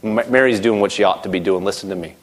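A man's voice: lowish voice, fast talker. A middle-aged man preaching a sermon, emphatic, his voice rising and dropping sharply as he acts out quoted voices.

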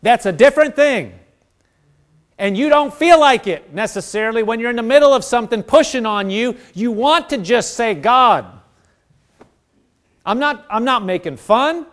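A man's voice: very high voice, animated, normal speed. A man preaching a sermon, earnest, acting out the prayers of the people he addresses. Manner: earnest, acts out prayers in quoted voices.

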